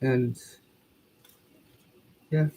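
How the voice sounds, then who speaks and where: A man's voice: drawn-out words, highs cut off. A man who is losing his voice reads scripture aloud, then sums it up in a rambling way full of fillers. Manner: rambling, filler-heavy summary. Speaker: Bible reading channel host. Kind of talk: scripture reading and casual recap.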